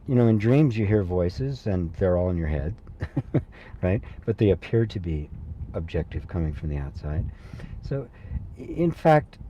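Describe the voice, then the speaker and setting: A man hosting a live satsang as a spiritual teacher, speaking gently and reassuringly, laughing softly and pausing with fillers as he reads viewer comments. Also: lowish voice, lo-fi sound, slight background noise. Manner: hesitant fillers and restarts while reading.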